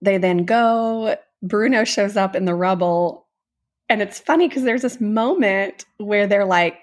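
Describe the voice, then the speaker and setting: Speaking at a measured pace in a mid-range voice, this woman co-hosts a podcast and chats casually about a film. She retells it earnestly and with real emotion, gushing as she goes.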